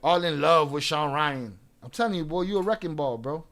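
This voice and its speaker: A man's voice: a little high, animated, brisk, a bit bright. A man hosting a livestream, ranting at chat in a profane, confrontational, taunting way. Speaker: livestream host. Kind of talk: livestream rant addressing chat.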